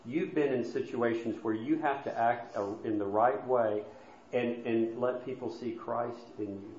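A man preaching a sermon in a church, telling a story earnestly and sometimes dropping to soft, quiet asides. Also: mid-range voice, steady tone, a little slow, a little hiss or hum. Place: church sanctuary. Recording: dull, roomy church recording.

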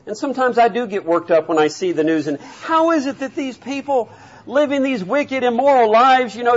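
A man's voice: high voice, dull audio. An older man preaching a sermon, earnest and worked up as he reads scripture.

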